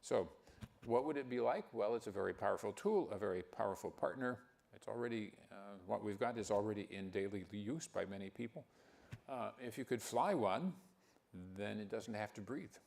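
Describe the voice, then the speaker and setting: An older man giving a conference talk, speaking haltingly with many fillers and restarts. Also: on the low side, vocal fry, darkish tone. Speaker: keynote speaker.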